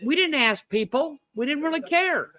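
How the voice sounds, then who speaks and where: A woman's voice: sits high, animated, moderate pace, bright, forceful tone, dry recording. A woman co-hosting a livestream, teasing her friend and telling stories in a casual chat. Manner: teasing, storytelling. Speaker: livestream co-host.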